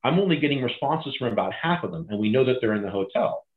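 A middle-aged man retelling a crisis story in an interview, animated and acting out the voices of others. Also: medium pitch, fast. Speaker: guest, former bank crisis manager. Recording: echoey, phone-like audio.

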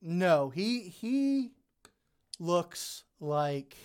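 A game master narrating a tabletop role-playing game with a halting delivery full of fillers. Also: mid-range voice, very animated, darkish tone, clean tone.

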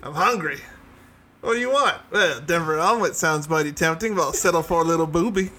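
A man's voice: a little high, fairly quick, bright, forceful tone. A man voicing a newborn baby who talks like a crude, sly grown man in a folksy drawl. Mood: joking.

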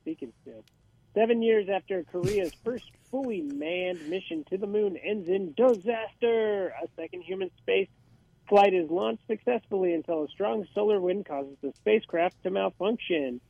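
High-voiced wry male movie reviewer. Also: moderate pace, gravelly, no echo, phone-quality sound. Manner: wry, dismissive quips. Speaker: movie reviewer on a radio panel. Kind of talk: casual panel chat.

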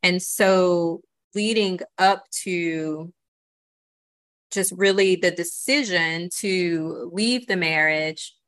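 A woman with a fairly low, sharp-toned voice appears as a podcast guest. She speaks earnestly and reflectively in candid conversation, frequently checking in with "you know" and "right?".

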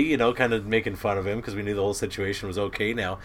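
Bright-voiced storytelling fisherman. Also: fairly low pitch, quick pace. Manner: animated storyteller who acts out quotes and laughs. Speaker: crab boat captain and guest. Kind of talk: casual storytelling chat.

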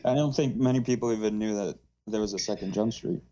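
A man's voice: on the low side, fast, mellow, dull audio. A man co-hosting a podcast, tossing in brief dry interjections in casual chat. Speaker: podcast co-host.

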